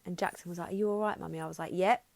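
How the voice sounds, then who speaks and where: A woman's voice: on the low side, fairly even intonation, rapid-fire, creaky, dry recording. A woman in her thirties hosting a podcast, speaking frankly and emotionally about her own life, with frequent restarts and some swearing. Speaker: podcast host. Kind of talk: candid personal monologue.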